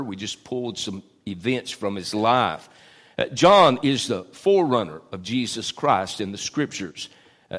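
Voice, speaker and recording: Middle-aged pastor mid-sermon, mid-range voice, fillers, climbs for emphasis. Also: male voice, medium pitch. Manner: preaching with frequent "uh" fillers, rising for emphasis.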